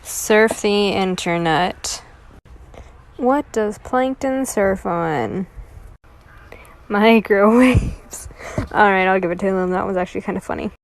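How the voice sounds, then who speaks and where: A woman's voice: mid-range voice, slow pace, pauses often, rough recording. A woman reading corny jokes aloud and groaning at her own puns. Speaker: joke teller.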